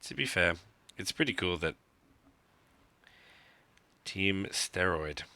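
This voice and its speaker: A man's voice: low-pitched, expressive, slow, bright, forceful tone, dry recording. A man giving live commentary on a mobile game he is playing, talking to himself in a wry, joking, self-mocking way. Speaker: gaming streamer.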